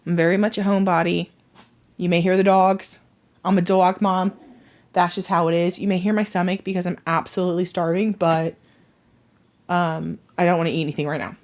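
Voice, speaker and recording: A woman's voice: on the low side, level tone, a little fast, a little mellow. A woman hosting her own podcast from home, chatting casually, rambling and laughing at her own jokes. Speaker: podcast host. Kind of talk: casual chat.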